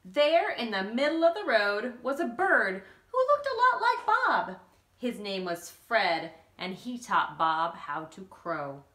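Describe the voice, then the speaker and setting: Animated woman reading a picture book. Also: fairly high pitch, slow pace, roomy sound. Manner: animated, with playful asides to listeners. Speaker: children's book reader.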